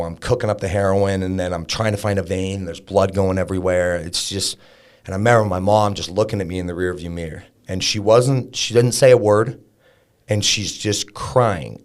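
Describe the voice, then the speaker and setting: A man's voice: low-pitched, steady tone, moderate pace. A man in his thirties, a podcast guest, candidly telling a personal story in a conversational way, full of fillers and restarts.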